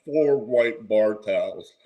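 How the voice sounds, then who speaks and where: A man guest recounting stories in a relaxed, anecdotal way, laughing as he goes. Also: lowish voice, slow pace, muffled recording. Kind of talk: casual storytelling chat.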